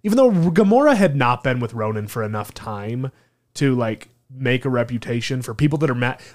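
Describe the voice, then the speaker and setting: A man's voice: mid-range voice, animated, brisk, darkish tone. A man co-hosting a casual fan podcast, enthusiastic and explaining at length. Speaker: podcast co-host.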